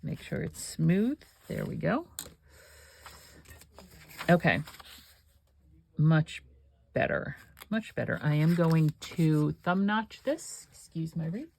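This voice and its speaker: A woman's voice: sits low, very animated, slow pace, creaky, long pauses, a little mellow, slight background noise. A woman hosting a crafting video, chatting and thinking aloud with rambling asides while she works. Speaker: crafting channel host.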